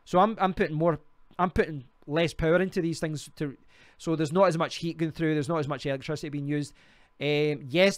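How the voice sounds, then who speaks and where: A man's voice: fairly high pitch, no room sound, clean studio sound. Scottish man chatting on a livestream. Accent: Glaswegian Scottish. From Scotland. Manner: rambling, restarts often, chatty. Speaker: livestream host. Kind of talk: casual live stream chat reading comments.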